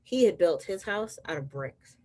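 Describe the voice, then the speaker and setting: A woman's voice: fairly low pitch, animated, normal speed, darkish tone. Woman reading as a sly, sniffly wolf. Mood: wry. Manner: storybook read-aloud with voiced quotes and wry asides. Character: sneezy male wolf telling his side, sly and self-pitying.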